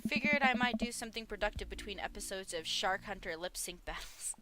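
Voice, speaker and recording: Playful woman reading game dialogue. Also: mid-range voice. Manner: playful, jokey, laughs often, reads all roles in her own voice. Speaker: let's play host. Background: game music.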